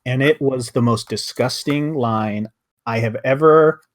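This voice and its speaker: A man's voice: medium pitch, measured pace. Guy on a podcast rambling and getting worked up, lots of restarts. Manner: rambling, heated, frequent restarts. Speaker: podcast co-host. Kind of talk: casual review chat.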